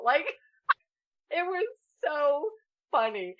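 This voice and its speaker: A woman in her thirties co-hosting a casual podcast, her voice sitting a little high. She tells stories in an animated way and breaks into laughter often. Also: moderate pace. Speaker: podcast co-host. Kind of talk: casual storytelling chat.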